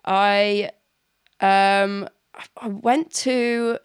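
A woman's voice: mid-range voice, steady tone, very slow, clear, resonant tone, no echo. Southern English woman, podcast guest, rambling casual chat, close dry sound. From England. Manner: rambling, self-deprecating, lots of fillers. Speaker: podcast guest, music producer.

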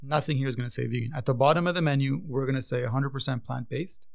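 A man talks fast and with energy in a relaxed podcast chat. His voice sits in the middle range. He tells his stories in an animated way. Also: medium pitch, creaky. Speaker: vegan restaurant owner.

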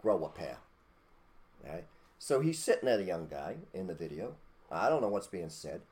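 A man's voice: deep voice, very animated, moderate pace, darkish tone. A man hosting a podcast, talking in a blunt, preachy, casual rant with mild cursing and a habit of asking "okay?". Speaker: podcast host.

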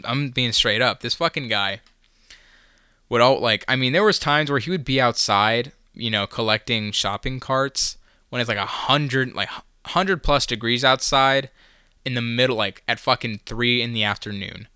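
A man's voice: medium pitch, pushed and bright, clean tone, no echo, studio quality. A young man hosting a solo podcast, telling a rambling, profane, self-mocking story in casual chat.

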